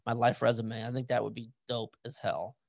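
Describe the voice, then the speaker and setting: A man's voice: medium pitch, little pitch movement, moderate pace, creaky, no room sound. A man hosting a podcast, chatting casually about his own life, rambling and repeating words as he thinks aloud. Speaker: podcast host and author. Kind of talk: casual interview chat.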